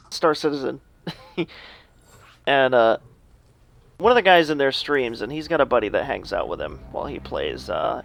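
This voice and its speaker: A man co-casting a video game match, chatty and gossipy, with a gravelly edge. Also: medium pitch. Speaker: esports co-caster. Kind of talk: casual game commentary.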